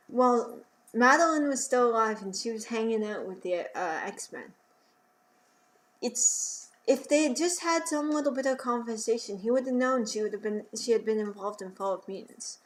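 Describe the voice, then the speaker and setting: A young woman hosting a podcast, chatting casually about comics in a rambling way with fillers. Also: a little high. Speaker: podcast host. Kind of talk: casual comic book commentary.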